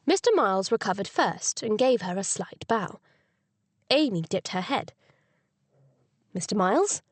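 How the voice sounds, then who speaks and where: Expressive woman narrating an audiobook. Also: medium pitch, normal speed, no echo. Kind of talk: scripted narration.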